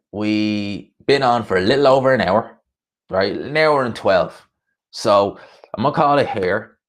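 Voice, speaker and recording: A chatty man hosts a boxing livestream, rambling loosely through viewer comments with frequent laughs. His voice sits fairly low. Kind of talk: casual chat reading viewer comments.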